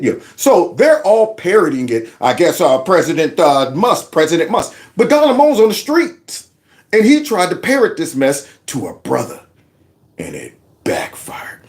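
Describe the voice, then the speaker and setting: A man's voice: fairly high pitch, wildly swooping pitch, moderate pace. A man hosting a casual political commentary show, folksy and mocking, with lots of asides. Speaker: show host.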